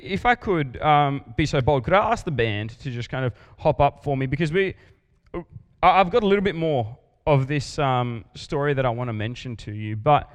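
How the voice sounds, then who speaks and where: A young man preaching a sermon in a church, talking casually and building to earnest intensity. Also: medium pitch. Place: church hall with band. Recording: live in a reverberant hall with music behind.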